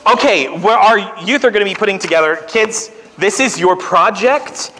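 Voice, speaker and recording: Brief: pastor, man, animated storyteller, high and lively voice, long church-hall reverb. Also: moderate pace, a little hiss or hum. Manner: animated storytelling, folksy teaching. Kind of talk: children's story reading and sermon. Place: church sanctuary.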